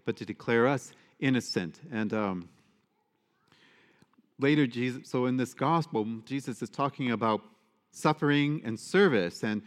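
A man's voice: mid-range voice, unhurried. Priest guy giving a homily, chatty with lots of uhs, mid voice, long echo in a church. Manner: conversational, with fillers and asides to the congregation.

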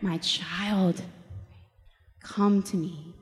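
A woman voicing Jesus as a gentle, calling male figure, speaking softly and tenderly. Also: on the low side, steady tone, extremely slow, pitched below the performer's own voice. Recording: long hall reverb.

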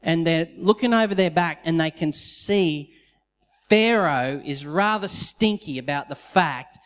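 A pastor preaching a sermon, telling the story in an animated way and acting out the quotes. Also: male voice, a little high, a little slow, clear, resonant tone. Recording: long reverb of a large hall.

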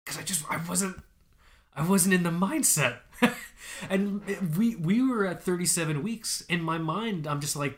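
A young man co-hosting a podcast, telling a personal story in casual chat, animated, laughing often and swearing. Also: high voice, moderate pace. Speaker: podcast co-host.

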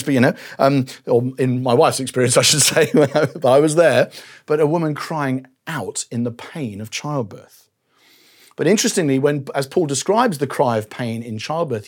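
A man's voice: medium pitch, breathy edge. A man in his forties preaching a conversational sermon, telling personal stories with self-deprecating asides.

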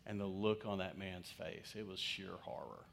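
A man's voice: deep voice, moderate pace, gravelly, fairly bright tone, a little hiss or hum. A male pastor preaching through a humorous personal story and acting out the quoted voices of the people in it. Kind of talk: storytelling sermon.

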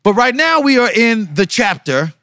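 A man's voice: big pitch swings, moderate pace, fairly bright tone, no room sound. Young male podcast co-host, joking hype-man energy, dry studio sound. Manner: playful, hyped, drops to low mock-solemn tones. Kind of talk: joking casual chat.

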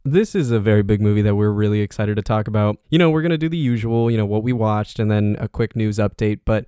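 An upbeat young man opens and hosts a movie podcast, joking and rambling a little. His voice is lowish and clean, recorded dry and close. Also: fast, dark tone, clear, resonant tone, no room sound. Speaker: podcast co-host. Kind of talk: casual chat.

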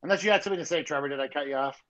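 A man's voice: on the high side, rapid-fire, a bit bright, lo-fi sound. A man hosting a casual podcast chat, talking in loose, rambling sentences full of "like".

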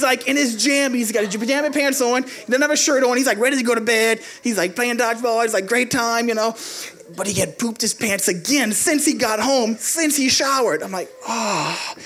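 A man preaching a sermon, quoting scripture and then telling a lively, conversational personal story. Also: very high voice.

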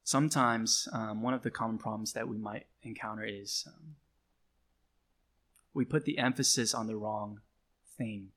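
A male pastor delivering a sermon, repeating key phrases slowly and with emphasis. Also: on the low side, a bit bright.

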